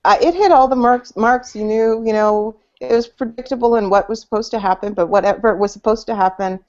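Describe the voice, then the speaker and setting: A woman's voice: a little high, fairly quick, a little mellow. A woman co-hosting a casual movie podcast, rambling with many fillers and restarts over a video call. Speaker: podcast co-host. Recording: dull lo-fi audio.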